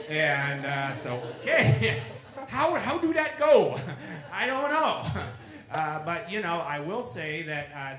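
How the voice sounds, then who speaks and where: A man's voice: medium pitch, pushed and bright. A man giving a public talk as an author, telling stories chattily and acting out the dialogue he quotes. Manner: chatty anecdotal storyteller who acts out quoted dialogue. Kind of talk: lecture with storytelling. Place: lecture room with an audience. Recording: roomy echo in a lecture room.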